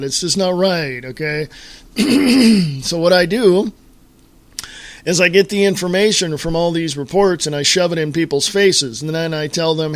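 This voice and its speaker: Talk radio guy going off, exasperated, lots of uh and restarts, voice on the higher side. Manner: exasperated ranting, addresses listeners as folks; halting with fillers and repeated starts. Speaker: radio show host. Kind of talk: solo talk radio rant.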